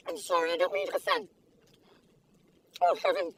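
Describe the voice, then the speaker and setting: Gushing older woman with a gravelly, lively voice. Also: very high-pitched, normal speed, pauses often, distant mic, rough recording. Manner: gushing, giggly, exclamatory. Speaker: food reviewer. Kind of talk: casual video review. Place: inside a parked car.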